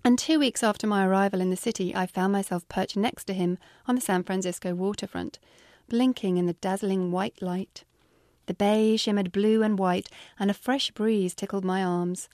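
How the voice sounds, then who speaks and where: A woman's voice: medium pitch, fairly even intonation, normal speed, darkish tone. A British woman reads from her memoir aloud, her delivery wry and drily funny. Her voice sits mid-range and sounds close and dry, with no room echo. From Britain. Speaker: author.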